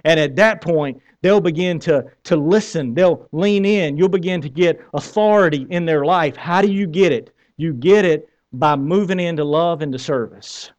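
This Southern American pastor speaks a little high and somewhat mellow, keeping a moderate pace with few pauses. His voice has a bearded quality as he preaches in a conversational way, putting questions to the crowd and making self-deprecating jokes with wry humor.

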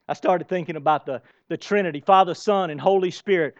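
A man preaching a lively sermon to his congregation, asking rhetorical questions and dropping to quiet asides. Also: sits high, fairly quick, few pauses, no room sound. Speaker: pastor. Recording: dull lo-fi sound.

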